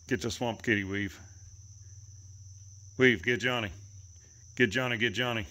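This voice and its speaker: A man talking to his animals outdoors, coaxing and teasing them, sometimes cussing and calling out in a high voice. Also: moderate pace, gravelly, long pauses, sharp tone. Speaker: animal keeper filming his pets. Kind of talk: casual running commentary to animals. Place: outdoors, rural.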